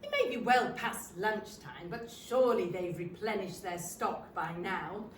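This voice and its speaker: An older woman, performing a comic stage monologue in a wry, self-deprecating, expressive manner. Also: mid-range voice, unhurried, slight background noise. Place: theatre stage. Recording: roomy theatre, from a distant mic.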